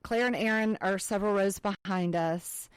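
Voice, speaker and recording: A woman co-hosts a podcast at a moderate pace, her medium-pitched voice smooth and the recording dry. She chats casually, storytelling and acting out quotes along the way.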